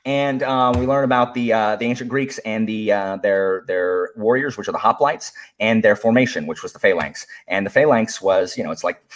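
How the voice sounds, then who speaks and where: A man who teaches history, talking excitedly as a podcast guest and getting worked up as he speaks. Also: on the low side, moderate pace, hardly any pauses. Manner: excitable, animated, gets worked up. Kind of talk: casual chat.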